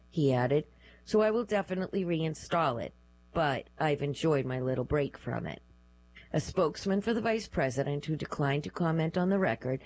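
A woman reads a news feature aloud in a steady, measured narration. Her voice sits very low for a woman. The delivery is scripted and even throughout. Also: low-quality recording.

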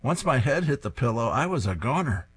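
A lazy comic-strip husband rushing through his excuses in a quick, raised voice, as a man puts him on. The voice is husky and lively. It comes from a comic strip read aloud. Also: medium pitch, pitched above the performer's own voice. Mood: sheepish excuses. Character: sleepy, excuse-making husband, grown man.

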